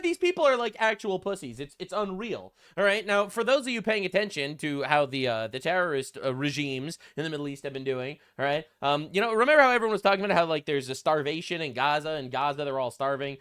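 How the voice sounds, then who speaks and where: A man's voice: high-pitched, fairly bright tone, smooth. A man ranting in a political commentary vlog, profane and sarcastic, getting heated.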